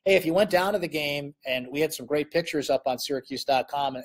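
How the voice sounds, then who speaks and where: Husky-voiced man doing postgame sports talk. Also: a little high, fast, few pauses. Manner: animated, conversational, many fillers. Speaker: sports columnist host. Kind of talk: live postgame commentary.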